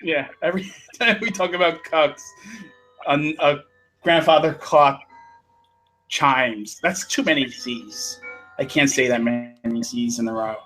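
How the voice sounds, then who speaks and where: A man's voice: a little high, measured pace, bright, forceful tone, soft background music, low-quality recording. A man hosting a casual talk show, joking and laughing often. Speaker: podcast host. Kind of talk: casual chat.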